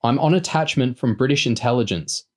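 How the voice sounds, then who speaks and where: A man raises his voice to play a fed-up woman intelligence officer in a storybook reading. She speaks high and urgent, shouting her warnings with mounting exasperation. Her tone stays sharp and insistent. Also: expressive, a little fast, lightly acted. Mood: urgent, firm.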